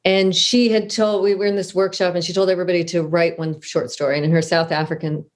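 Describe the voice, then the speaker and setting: A middle-aged woman from Southern California speaks quickly in a fairly low voice with little rise and fall. She's an author guest telling stories in a casual interview, chatty and self-deprecating, often restarting her sentences.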